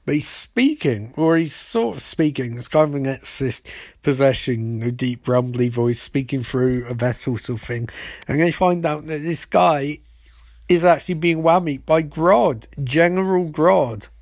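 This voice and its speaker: A man hosting a podcast, recapping a TV episode in a rambling, sarcastic way and slipping into quick voiced quotes of the characters. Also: on the high side, darkish tone, dry recording, studio quality. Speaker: podcast host.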